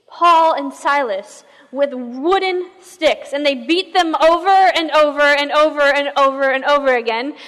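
In a high voice that rings out with long reverb, a woman pastor shares a story in her sermon. Her delivery is lively and conversational, and she turns questions to the listeners.

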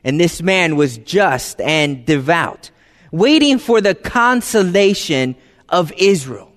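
A high-voiced man preaches a sermon as a pastor. His delivery is conversational and easy, and he drops to soft, hushed phrases for emphasis. His voice rings out in a long, reverberant church hall. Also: expressive, slow.

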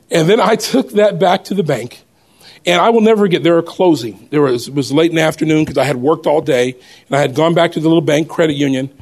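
A man telling a personal testimony story to a congregation in an animated way, often laughing as he goes. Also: fairly high pitch.

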